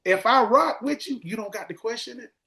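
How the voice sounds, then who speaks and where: A man in his forties, a former football player telling animated stories on a casual podcast, acting out quotes and repeating words. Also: very high voice, fairly quick. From Swainsboro, Georgia.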